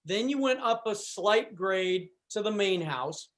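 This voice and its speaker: Man telling an animated story. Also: sits high, measured pace. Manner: animated, acts out quotes, fillers. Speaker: podcast guest. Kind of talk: casual storytelling.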